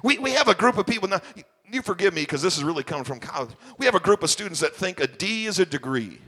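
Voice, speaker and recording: Bright, high-voiced pastor preaching emphatically. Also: male voice, lively intonation, quick pace. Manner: emphatic, repeats and restarts phrases. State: tired. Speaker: senior pastor. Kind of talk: sermon.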